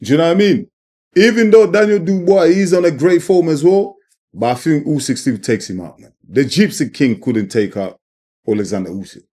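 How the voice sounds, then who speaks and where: A man's voice: a little high, animated, moderate pace, mellow. A man giving emphatic, opinionated boxing commentary on his channel, often repeating his points and tagging lines with "man" and "you know what I mean". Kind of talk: opinionated sports commentary vlog.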